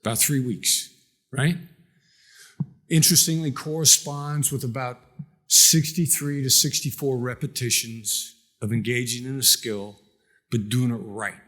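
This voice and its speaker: A man's voice: mid-range voice, steady tone, moderate pace, pushed and bright. A man speaking on a conference stage, coaching the audience and asking them direct questions. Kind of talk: motivational conference talk.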